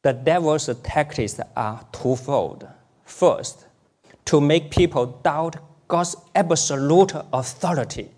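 A male preacher delivers a sermon in an unhurried, measured way. His voice sits a little high for a man. He repeats his main points word for word so they sink in. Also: a little mellow. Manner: deliberate, repeats key phrases for emphasis.

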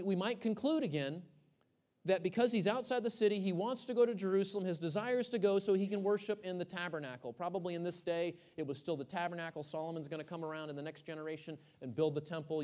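A man from Texas preaching a sermon to his congregation. He swings from loud emphasis to hushed, almost whispered phrases, asks the room questions and often repeats words as he restarts a thought. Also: high-pitched. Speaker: pastor.

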